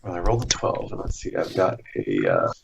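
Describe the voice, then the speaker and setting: A man's voice: a bass voice, wildly swooping pitch, a little fast, gravelly, background noise. A man playing a tabletop role-playing game, easygoing and thinking aloud about his moves. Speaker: player. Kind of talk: casual tabletop game play.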